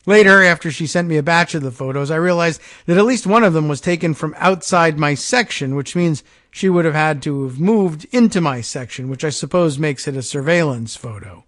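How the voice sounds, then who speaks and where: A man's voice: fairly high pitch, fairly quick, hardly any pauses, no room sound. A man hosting a talk show, reading a first-person story aloud and breaking off for dry, muttered sarcastic asides. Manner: reads a first-person account, dropping to quiet sarcastic asides. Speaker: podcast host.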